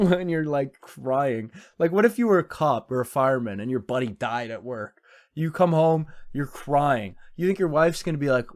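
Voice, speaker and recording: A man's voice: fairly high pitch, expressive, a little slow, darkish tone. A young man doing reaction commentary, sarcastic and incredulous, laughing often between remarks. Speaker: YouTube commentator.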